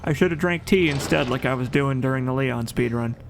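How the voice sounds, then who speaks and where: Gravelly-voiced man doing game commentary. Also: mid-range voice, a little fast, a little hiss or hum. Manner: chatty, enthusiastic, jokes and corrects himself mid-sentence. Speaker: let's play commentator. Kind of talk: casual gameplay commentary.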